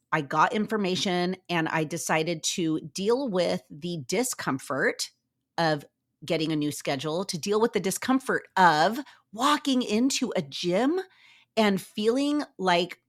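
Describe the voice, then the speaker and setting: Middle-aged woman host, lower-pitched voice, upbeat and animated motivational talker. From Southern California. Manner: energetic, animated, acts out quoted voices. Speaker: podcast host. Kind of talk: motivational podcast monologue.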